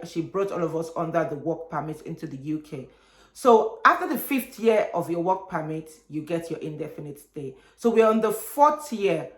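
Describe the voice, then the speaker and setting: A young woman, telling a personal story on her vlog in an animated way and acting out other people's voices. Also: fairly low pitch. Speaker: vlogger. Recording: echoey room.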